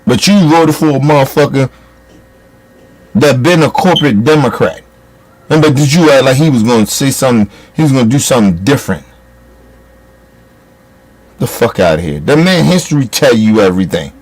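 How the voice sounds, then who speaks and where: A man's voice: mid-range voice, expressive, normal speed, pauses often, darkish tone. A man delivering a heated, profane political rant as a commentator, scolding his listeners.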